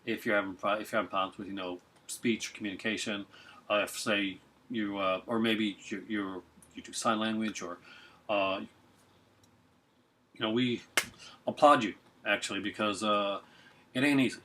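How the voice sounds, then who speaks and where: A man's voice: fairly low pitch, steady tone, normal speed, long pauses, background noise. A man hosting a casual group chat, rambling, joking and laughing often. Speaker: podcast host.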